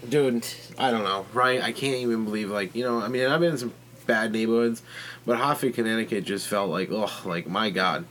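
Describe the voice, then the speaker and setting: A man's voice: lowish voice, a little fast, fairly bright tone, slight background noise. A man in his thirties, a podcast host, telling a long story in rambling, profane casual talk that is full of "like" and "right?".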